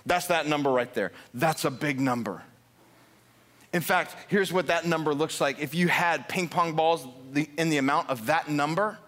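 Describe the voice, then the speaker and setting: High-voiced fired-up pastor preaching. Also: male voice. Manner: energetic, builds to fired-up emphasis, asks the congregation questions. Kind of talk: sermon. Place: church sanctuary.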